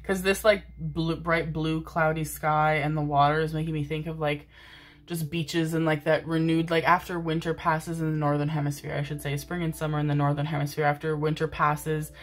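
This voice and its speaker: A woman with a low-pitched voice reads tarot cards for her viewers in a relaxed, meandering way. She speaks affectionately, drifts between thoughts, and keeps calling her audience her babies while sitting at her desk mic. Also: normal speed. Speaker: tarot reader. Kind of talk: casual tarot reading to camera. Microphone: desk microphone, seated in a chair.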